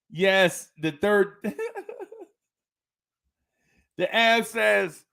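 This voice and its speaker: Reading listener comments on his casual live podcast, a man from Jersey City talks with a New Jersey accent in a high, bright, forceful voice. He draws out words with vocal fry and long pauses, and he's slangy, playful, quick to laugh, and prone to repeating himself.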